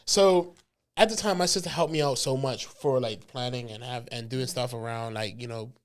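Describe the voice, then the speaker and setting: A man's voice: mid-range voice, normal speed. A man on a podcast telling a wedding story in casual, slangy chat, laughing and acting out quotes. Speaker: podcast co-host.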